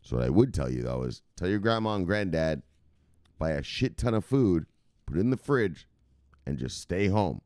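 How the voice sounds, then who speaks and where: A man with a lowish voice that swings widely up and down, chatting casually as host of a livestream. He rambles, curses without a second thought and shouts quick catchphrase goodbyes, and the sound is close and dry, with no room around it. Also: big pitch swings, no room sound. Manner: profane, rambling, loud catchphrase sign-offs. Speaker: host of a cryptocurrency news livestream.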